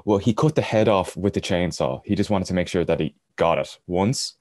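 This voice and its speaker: Deep-voiced man telling travel stories. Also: normal speed, darkish tone, dry recording, clean studio sound. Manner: rambling, chuckles through his anecdotes. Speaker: podcast guest. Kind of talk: casual storytelling.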